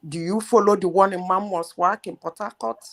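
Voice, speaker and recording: A woman's voice: fairly low pitch, fairly even intonation, moderate pace. A woman hosting a heated live debate, insistent and emphatic, firing rhetorical questions. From Nigeria.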